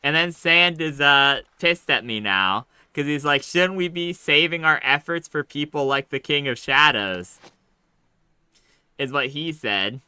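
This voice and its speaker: A man's voice: on the high side, a little slow, bright, forceful tone, clear, resonant tone, no room sound. A man casually commenting on his gameplay, slangy and chatty, ranting as he retells arguments. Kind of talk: casual let's-play commentary.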